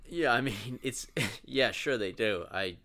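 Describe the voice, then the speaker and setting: A man's voice: mid-range voice, slow, bright, forceful tone. A man in his twenties co-hosting a casual podcast, joking and teasing. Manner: jokey, mocking voices. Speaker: podcast co-host. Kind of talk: casual chat.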